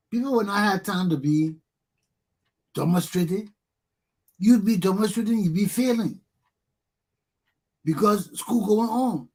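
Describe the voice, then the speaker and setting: A man hosting a political talk show, speaking forcefully with lots of repetition. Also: high-pitched, creaky, breathy edge.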